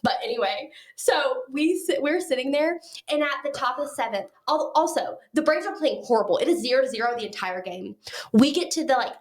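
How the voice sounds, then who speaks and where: A woman guest on a podcast, telling a story in casual chat. She is talkative and animated, and she acts out what other people said. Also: high-pitched, fairly quick.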